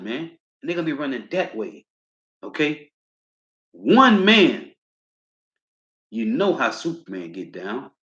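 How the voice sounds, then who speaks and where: A man leads a scripture study like a sermon, drawing out each verse with slow emphasis before slipping back into loose, casual asides. His voice sits at a middle pitch. The recording is roomy and slightly muffled. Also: very animated, fairly bright tone. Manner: reads verses slowly and emphatically, tags lines with a casual filler. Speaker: scripture teacher. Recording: roomy, dull lo-fi sound.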